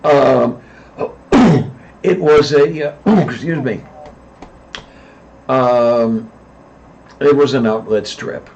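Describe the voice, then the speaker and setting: A man co-hosting a casual chat, dry and hesitant, clearing his throat at times. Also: mid-range voice, very slow, pauses often, darkish tone. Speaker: podcast co-host. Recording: dull lo-fi mic with faint noise.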